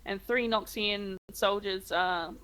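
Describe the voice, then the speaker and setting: A woman's voice: medium pitch, steady tone, slow pace, a bit bright, poor audio. An Australian woman narrating a tabletop game as game master, with many ums and uhs.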